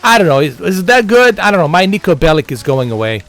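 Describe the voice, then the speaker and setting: A man's voice: high voice, very animated, fast talker, fairly bright tone. A man chatting casually with friends, rambling, repeating words and laughing often. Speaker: gamer.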